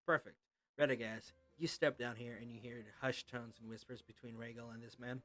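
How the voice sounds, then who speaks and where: A man narrating as game master, telling a tabletop game in a casual, halting way. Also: medium pitch, fairly even intonation, a bit bright, no room sound, faint music behind.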